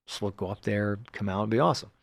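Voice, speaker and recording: A man's voice: on the low side, fast talker, gravelly, dry recording. A man voicing an awkward young man on a dull first date, making a casual, eager suggestion in an everyday voice.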